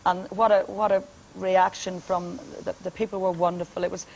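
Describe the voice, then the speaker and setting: Northern Irish woman, deep powerful voice, jokey guest who laughs a lot. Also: level tone, moderate pace, gravelly, a little mellow, slight background noise, poor audio. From Northern Ireland. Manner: hearty, laughs often, comic storyteller. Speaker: singer and guest. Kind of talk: joking TV chat.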